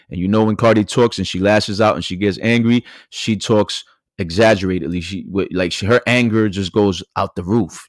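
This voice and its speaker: A man with a fairly low voice hosts a celebrity news recap, talking in an animated, chatty way and laughing often. The recording is dry and close, with no room sound. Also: no echo. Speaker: radio show host.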